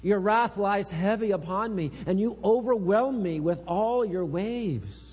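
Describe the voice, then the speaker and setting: A man's voice: high-pitched, a little mellow, slightly rough. A man giving a sermon, reading psalms aloud with earnest intensity. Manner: slow, earnest, reads psalms with rising intensity. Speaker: preacher. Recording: long reverb with mains hum.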